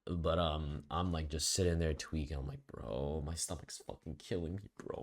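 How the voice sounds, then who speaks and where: A man's voice: deep voice, moderate pace. A young man vlogger telling a rambling, slangy, profanity-heavy story in a casual storytime monologue.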